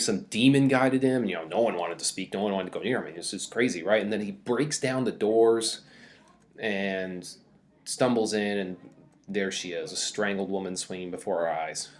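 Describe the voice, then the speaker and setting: A man's voice: fairly low pitch, normal speed. A man teaching a casual recorded mini-lecture, talking loosely with many fillers and reading quoted passages aloud with more energy.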